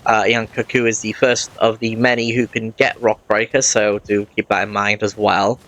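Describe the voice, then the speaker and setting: A man's voice: on the low side, flat delivery, moderate pace, a bit bright. Rambling man narrating gameplay. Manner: rambling, often corrects himself mid-sentence. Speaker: let's play host. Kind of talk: casual gameplay commentary.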